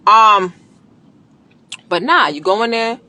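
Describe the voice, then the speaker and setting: A woman talking casually on a live stream, coaching viewers on business and credit in a blunt, animated, slangy way and swearing freely. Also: medium pitch, slow.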